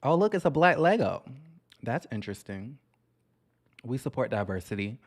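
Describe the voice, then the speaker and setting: A man's voice: medium pitch, big pitch swings, normal speed. A man hosting a casual commentary vlog on reality TV, sassy and chatty, talking straight to his viewers and calling them honey.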